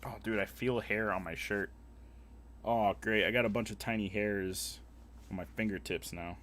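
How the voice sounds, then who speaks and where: A young man streams a game live, chatting casually with viewers in a crude, joking, rambling manner. His voice is on the low side and a bit bright, with a steady tone and moderate pace.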